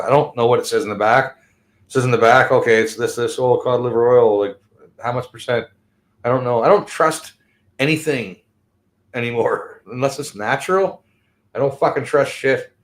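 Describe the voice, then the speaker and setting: Canadian guy on a podcast, high, rambling and swearing a lot, laughs a bunch. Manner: rambling, profane, laughing often. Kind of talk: casual chat.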